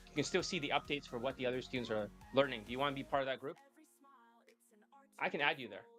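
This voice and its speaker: A man's voice: medium pitch, fairly bright tone. A man coaching his students live, talking bluntly and swearing often as he lectures. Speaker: dating coach.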